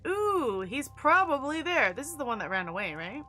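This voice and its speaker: A woman's voice: sits high, very animated, normal speed, few pauses, pushed and bright, soft background music. A young woman streaming a game, chatting casually and reading in-game letters aloud in playful voices. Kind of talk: casual live-stream commentary.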